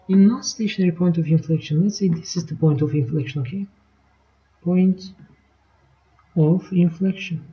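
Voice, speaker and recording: Woman, math teacher, very dark mellow tone, step-by-step explaining, muffled stream sound. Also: fairly low pitch, moderate pace. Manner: explains step by step, checks in with "right?" and "okay?". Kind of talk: live online lesson. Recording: dull lo-fi stream audio.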